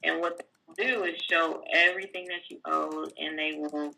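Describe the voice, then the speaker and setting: A woman's voice: low-pitched, fairly even intonation, moderate pace, vocal fry, sharp tone, low-quality recording. A woman tax professional, a guest, explaining filing rules step by step in a plainspoken, casual way, with fillers. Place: California.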